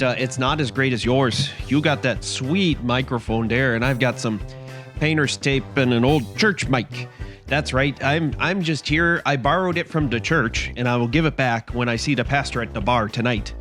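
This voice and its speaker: A man's voice: medium pitch, normal speed, fairly bright tone, soft background music, close to an everyday voice. A man voicing a rambling, cheerful Wisconsin field reporter with an Upper Midwest accent, full of "eh" and "you betcha". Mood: folksy.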